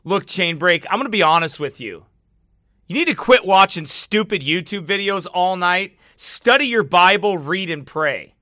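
A man's voice: high-pitched, animated, moderate pace, sharp tone, no room sound, studio quality. A man giving casual commentary to camera, mocking and often laughing between remarks, turning preachy when he gets serious. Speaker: online video commentator.

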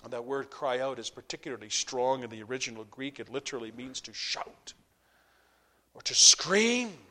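A pastor preaching a sermon to his congregation, impassioned, swinging between loud peaks and hushed drops. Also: medium pitch, steady tone, fast, hardly any pauses.

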